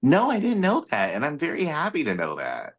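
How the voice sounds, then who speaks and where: A man's voice: on the high side, huge pitch swings, a little fast. A man co-hosting a casual podcast, reacting to his partner with playful disgust and easy agreement. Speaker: podcast co-host. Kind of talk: casual chat.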